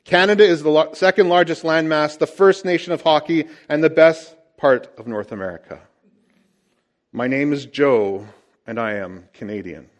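A man quoting a patriotic ad rant in a low, leaning-in voice that builds with enthusiasm. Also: normal speed, lightly acted. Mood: proud. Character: man in flannel delivering a proud patriotic rant.

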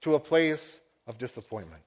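A middle-aged man delivering a sermon with a notably high voice. He preaches earnestly, leaning into emphatic swells as he drives a point home. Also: very animated, moderate pace, darkish tone. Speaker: pastor.

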